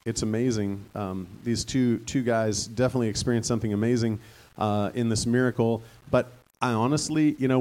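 A man's voice: mid-range voice, darkish tone. Male pastor, mid-range voice, casual conversational sermon with bursts of fervor. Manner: conversational, rising to fervent emphasis.

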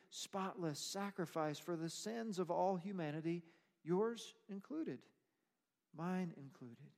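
Pastor guy preaching slow and emphatic, kinda higher voice, big echoey church hall. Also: a little mellow. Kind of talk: sermon. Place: church sanctuary. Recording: long reverb of a church hall.

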